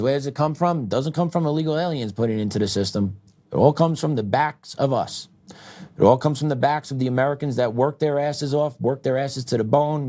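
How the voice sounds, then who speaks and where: A man's voice: medium pitch, a little mellow. A middle-aged man hosting a show, delivering a heated political commentary monologue with asides and short laughs. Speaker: show host.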